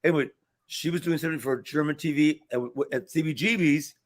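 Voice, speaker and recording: A man in his sixties tells winding stories as a guest on a live talk show, his voice sitting a little high for a man. He rambles and restarts often, filling gaps with "like" and "uh" as he acts out what other people said. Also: brisk. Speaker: guest performer. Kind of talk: anecdotal storytelling in a talk show interview.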